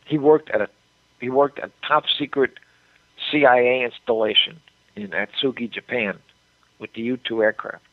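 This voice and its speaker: A man's voice: medium pitch, fairly even intonation, moderate pace, dry recording. An older man telling a story with emphasis as a guest in a radio interview, often repeating words as he goes. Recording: dry tinny phone line.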